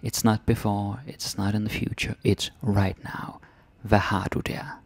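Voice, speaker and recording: A low, gravelly man with a Danish accent talks through grammar in a relaxed lesson, tossing in Danish tag words as he goes. The sound is dry and close, with no room around it. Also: unhurried, no room sound. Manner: chatty, drops in Danish tag words and little laughs. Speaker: Danish teacher. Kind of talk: casual explanatory lesson.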